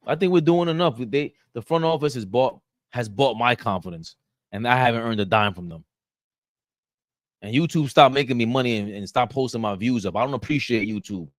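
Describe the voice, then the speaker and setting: A man hosting a loose live-stream sports talk show, reading viewer comments and ranting in an animated, bantering way. His pitch sits in an ordinary middle range, and the sound is close and dry, with no room echo. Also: fairly quick.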